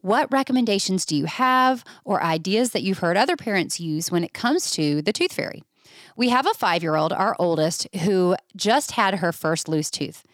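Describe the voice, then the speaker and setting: Woman co-host, mid-pitched, giggly, dry close sound. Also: lively intonation, normal speed, dry recording. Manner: giggly and encouraging. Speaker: podcast co-host reading listener questions. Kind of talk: casual chat.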